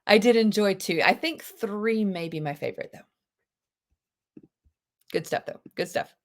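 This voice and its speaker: A woman teaching a live online English class, animated and chatty, with gasps and quick asides to her students. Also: mid-range voice. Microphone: video call.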